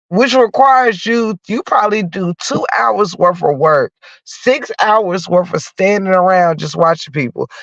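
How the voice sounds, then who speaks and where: A man's voice: high voice, dry recording. A man with a stuffy nose from a cold, ranting bluntly and cursing through a heated story as a podcast host. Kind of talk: profane comic rant. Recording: dull lo-fi dry sound.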